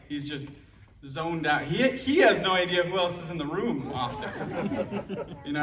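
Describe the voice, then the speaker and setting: A young man with a high, light voice tells roast stories about his father to a laughing crowd. His voice carries through a big echoey hall. It sounds as if the mic is some way off and a noisy room recording is running. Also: a bit bright, distant mic. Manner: joking storytelling, laughing at his own lines. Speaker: son giving a roast speech. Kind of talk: roast speech at a live event. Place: large hall at a live event. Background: audience laughter.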